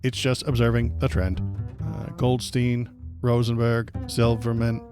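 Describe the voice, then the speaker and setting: A man putting on a flat mock robot voice to voice a smug male AI chatbot. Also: mid-range voice, measured pace, music in the background, close to an everyday voice. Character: smug male AI chatbot reading its own posts.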